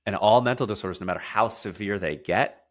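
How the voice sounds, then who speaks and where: A man with a fairly low voice talks as an interview guest. He explains with emphasis, stacking words into lists and repeating his key phrases. At weighty points he turns quieter and slower. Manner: drops to a quieter, slower, lower delivery for heavy points. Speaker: podcast guest, somatic therapist.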